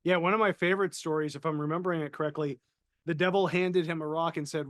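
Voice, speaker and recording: A man's voice: fairly high pitch, steady tone, quick pace, no echo, clean studio sound. A man co-hosting a casual podcast, chatting easily and reading out viewer questions. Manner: conversational, reads out viewer questions. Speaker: co-host, paranormal consultant.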